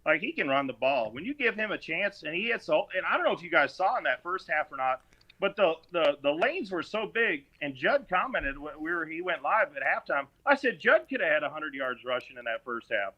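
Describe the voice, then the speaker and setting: A fired-up man hosts a sports podcast and rants with a slightly high voice that swings widely in pitch. He mocks his subject as he goes, and the audio sounds muffled and lo-fi. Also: brisk. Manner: animated, mocking, does exaggerated voices. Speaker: podcast host.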